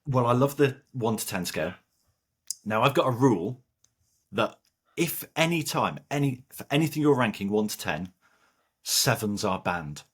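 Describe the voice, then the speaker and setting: A man talking as a podcast guest in casual interview chat, jokey and animated, laughing often. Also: medium pitch, normal speed, husky.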